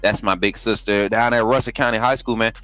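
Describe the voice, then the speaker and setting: Chatty low-voiced man streaming live. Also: steady tone, brisk, a bit bright, soft background music. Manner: loose, chatty, talks to live chat; poses as a polite recruiting coach on the call. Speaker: streamer and prank caller. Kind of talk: livestream chat and prank phone call.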